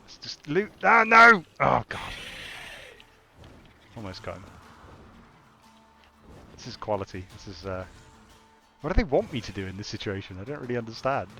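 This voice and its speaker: A man's voice: lowish voice, lively intonation, fairly quick, long pauses, soft background music. A young man casually commenting as he plays a video game, thinking aloud with exasperated asides. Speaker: gamer. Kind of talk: casual let's-play commentary.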